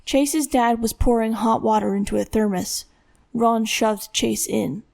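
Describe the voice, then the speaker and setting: A woman narrating a dramatic thriller audiobook in a steady storytelling voice. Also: fairly high pitch, measured pace, vocal fry.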